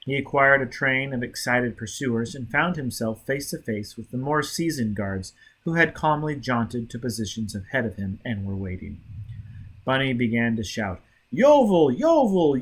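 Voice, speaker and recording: A man narrating an audiobook in a lively, dramatic reading. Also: medium pitch. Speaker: audiobook reader.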